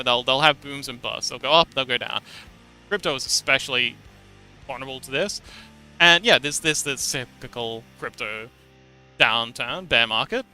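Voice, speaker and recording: A man's voice: a little high, pushed and bright. A man livestreaming, explaining something in a rambling, casual way, repeating words and laughing now and then.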